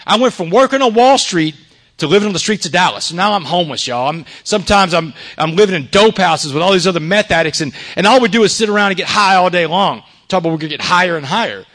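Fast-talking man with a high voice. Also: lively intonation. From Texas. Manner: earnest, swings from loud emphasis to hushed confession. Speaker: recovery speaker. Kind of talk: personal testimony to a live audience.

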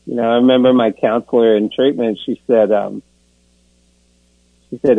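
A man's voice: medium pitch, fairly even intonation, moderate pace, vocal fry, long pauses, no room sound. A man sharing his recovery story in a rambling, self-deprecating way, often laughing at himself and filling gaps with "you know.". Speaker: speaker sharing at a recovery meeting. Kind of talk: personal recovery testimony. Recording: tinny phone-like dry sound.

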